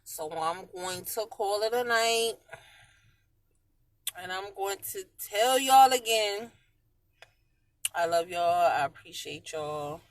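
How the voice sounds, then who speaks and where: A woman chatting casually on a live stream from her parked car, slangy and swinging between loud and quiet. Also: mid-range voice, animated, slow pace, long pauses, dry recording. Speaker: vlogger talking live to viewers.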